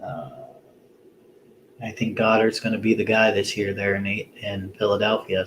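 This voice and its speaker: A man hosting a solo fantasy football show, talking casually and rambling with plenty of pauses, tired after a long day. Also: fairly low pitch, creaky, noisy background. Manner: rambling, lots of ums and restarts, easygoing. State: tired, yawning. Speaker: fantasy football podcast host.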